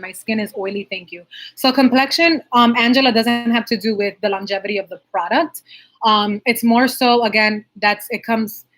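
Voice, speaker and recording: A woman's voice: mid-range voice, a bit bright. A young adult woman, a makeup artist, answering viewer questions in a bubbly, chatty livestream style and laughing often. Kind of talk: casual livestream Q&A.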